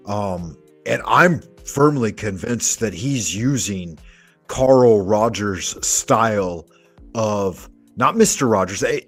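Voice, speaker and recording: A man with a husky, slightly breathy voice delivers profane, sarcastic reaction commentary. He talks in emphatic bursts with faint music underneath. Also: fairly low pitch. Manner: emphatic, sweary, sarcastic ranting. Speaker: commentary video host.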